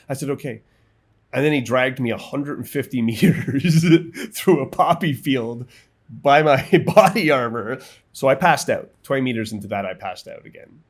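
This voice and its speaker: A middle-aged man telling a personal war story in vivid, halting bursts, acting out what others said. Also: mid-range voice. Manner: vivid, halting retelling with quoted voices and restarts. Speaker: guest, military veteran.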